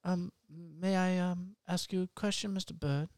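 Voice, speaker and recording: A performer improvising a tiny, polite, shy male hero in a comedy scene, talking in a hesitant, halting, apologetic way. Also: medium pitch, fairly even intonation, darkish tone, lightly acted.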